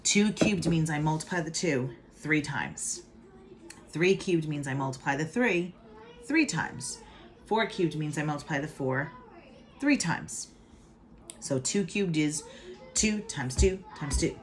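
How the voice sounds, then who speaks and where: Teaching math from home in a casual video, this middle-aged woman has a deep, lively voice and takes it slowly with long pauses. Slight background noise accompanies her chatty, playful walkthrough, peppered with hype catchphrases.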